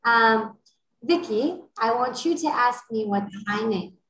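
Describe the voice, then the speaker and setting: A woman teaching an online French class to children, encouraging them and modeling phrases slowly and clearly over a video call. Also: a little high, expressive, fairly bright tone, reverberant, low-quality recording.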